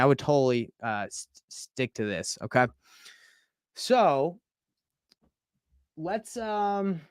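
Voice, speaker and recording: Thirtysomething guy teaching a live screen-share class, smooth clean voice, dry sound. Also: on the high side, no room sound. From Utah, US. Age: 30s. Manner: casual, chatty, reads texts aloud and reacts. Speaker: real estate coach.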